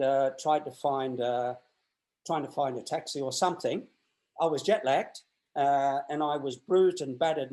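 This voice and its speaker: Chatting casually as an interview guest, a man in his sixties with an Australian accent relates a long anecdote, animatedly imitating the people involved. His voice is medium-pitched, and the recording is rough.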